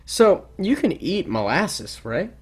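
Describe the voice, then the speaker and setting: A man's voice: high voice, sing-song, slow pace, slightly rough. A man co-hosting a casual podcast chat, rambling and hesitant, full of restarts and fillers. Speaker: podcast co-host.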